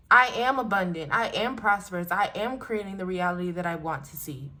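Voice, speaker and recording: Woman, young adult, casual spiritual card reader, earnest and affirming, gets animated and emotional. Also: medium pitch, moderate pace, few pauses.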